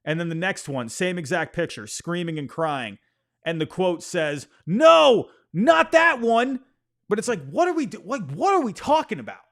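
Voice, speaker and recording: A man hosting a casual sports opinion show, ranting in an exasperated way, repeating himself and apologizing for getting worked up. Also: a little high. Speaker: sports podcast host.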